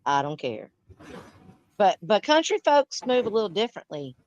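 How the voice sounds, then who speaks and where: A woman's voice: mid-range voice, very animated, normal speed, darkish tone, no room sound, dull audio. Middle-aged woman, stream host, blunt and cussing, dry close sound. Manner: blunt, profane, emphatic. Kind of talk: casual chat.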